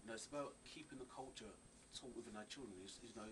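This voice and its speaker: A man's voice: mid-range voice, quick pace. A man, a parent who helps at a Saturday school, answering interview questions earnestly, with frequent restarts. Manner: earnest, animated, with many restarts. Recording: distant mic with faint ambient noise.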